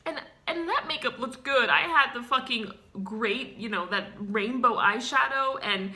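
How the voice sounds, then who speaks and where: A woman's voice: on the high side, measured pace, bright, forceful tone, full character voice. A woman playing a melodramatic clown-identifying woman. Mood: indignant. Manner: sighing, ranting, dramatic outbursts. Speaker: comedic vlogger character. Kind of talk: deadpan comedic character vlog.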